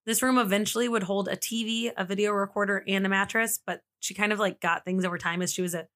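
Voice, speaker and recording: A woman's voice: medium pitch, steady tone, quick pace, fairly bright tone. A woman hosting a podcast, telling a true-crime story in a casual, chatty way with lots of "like" fillers. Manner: chatty, frequent "like" fillers, laughs easily. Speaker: podcast host.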